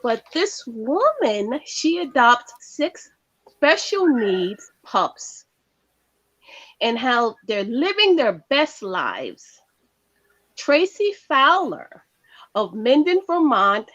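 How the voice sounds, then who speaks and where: A woman co-hosting a casual talk show, reading out a news story in a lively way and filling the talk with agreeing interjections. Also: on the high side, dull audio.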